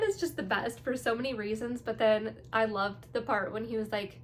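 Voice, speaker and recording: A woman's voice: fairly high pitch, moderate pace, slight background noise. A young woman vlogging her reactions to a TV episode in casual, bubbly, gushing chat. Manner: gushing, bubbly, full of "like" and "you guys".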